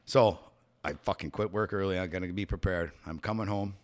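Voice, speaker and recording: A man's voice: sits low, brisk. A Canadian man co-hosting a podcast, telling a rambling, profane story in casual chat. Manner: profane, storytelling, gets loud and excited. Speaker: podcast co-host.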